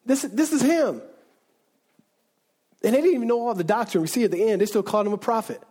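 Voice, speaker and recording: Pastor guy preaching, real high voice, chatty, keeps asking the room "right?". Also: fairly quick, a little mellow, slightly rough. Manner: conversational preaching, frequent restarts and "right?" asides. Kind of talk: sermon.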